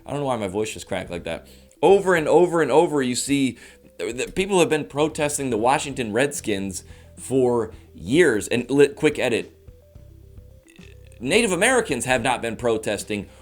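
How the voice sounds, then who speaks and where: A man in his thirties hosting a comedy show, ranting fast to camera and slipping into mock voices. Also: mid-range voice, soft background music. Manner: rapid, animated rants with mock voices. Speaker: comedian host.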